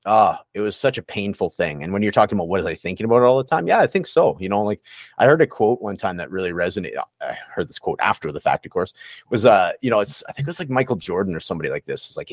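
A man's voice: fairly low pitch, lively intonation, fast, no room sound, clean studio sound. A man talking candidly and reflectively in a casual podcast interview, with many fillers and restarts. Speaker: recovery coach guest.

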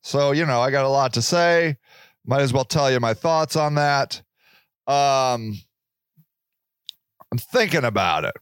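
Man rambling in a lively solo podcast. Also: medium pitch, unhurried, pauses often, clean tone, dry recording, clean studio sound. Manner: rambling, joking, swears freely. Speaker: podcast host. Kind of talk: casual solo monologue.

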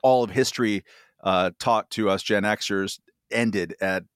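Male guest, fifties, lower register, rambling and self-mocking, dry close-miked sound. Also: a little slow, clean tone, no room sound. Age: 50s. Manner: rambling, full of fillers and self-deprecating asides. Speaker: podcast guest. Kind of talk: casual chat.

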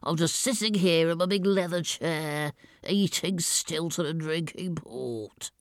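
A pompous, portly old gent, as a woman puts him on, all wet mouth and lisping sibilance. He wheezes audibly between thick, throaty pronouncements, as if about to run out of breath. The room is dry and close, with no echo. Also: deep voice. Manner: pontificating, slow and thick-throated. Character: portly pompous older man, wheezy and self-satisfied. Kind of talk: demonstrating a character voice.

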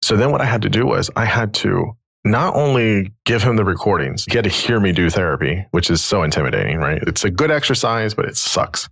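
A man with a low, gravelly, husky voice tells a story in a relaxed, chatty way. He is middle-aged and sounds like a podcast host. The sound is close and dry. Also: a little fast, no room sound. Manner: animated storyteller, quoting others in his own voice. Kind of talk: casual storytelling conversation.

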